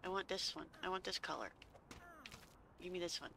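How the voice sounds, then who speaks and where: Playful woman streamer talking thru a game, super bright voice, chatty. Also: lowish voice, fairly quick, gravelly, slight background noise. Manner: playful, chatty, talks to herself. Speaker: gaming channel host. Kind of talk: game playthrough commentary. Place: seated at home.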